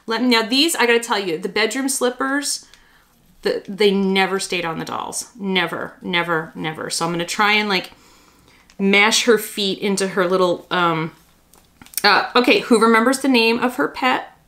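A woman chatting casually as a doll-collecting vlogger, gushing and excitable as she handles her toys. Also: mid-range voice, moderate pace.

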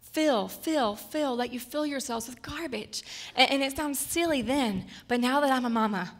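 A woman's voice: sits high, moderate pace. A woman in her thirties preaching a personal, story-filled sermon. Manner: personal, storytelling, gets emotional and tearful at times. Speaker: guest speaker.

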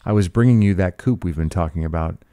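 A man voicing a wealthy, commanding husband who speaks gruffly and with firm decision. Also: low-pitched, fast, warm tone, dry recording, studio quality, lightly acted.

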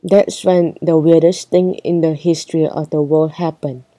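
A woman's voice: sits low, fairly even intonation, normal speed, warm tone, no echo, low-quality recording. A woman reading a children's book aloud, storytelling with light character voices. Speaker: reader.

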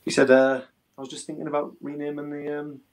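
A man's voice: a little high, little pitch movement, fast, poor audio. A middle-aged man, a former footballer telling earnest, emotional stories in a casual interview. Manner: earnest, emotional, rambling storytelling.

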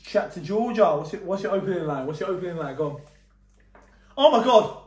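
A man chatting casually on his vlog, his pitch bouncing all over as he gets excitable. He swears and laughs easily. The room around him is echoey. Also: fairly quick. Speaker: vlogger. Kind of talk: casual chat.

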